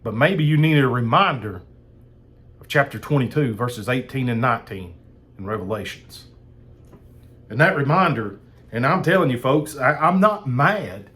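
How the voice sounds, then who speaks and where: A man's voice: medium pitch, animated, moderate pace, fairly bright tone. A man preaching a sermon in a fired-up, emphatic way, repeating phrases for emphasis.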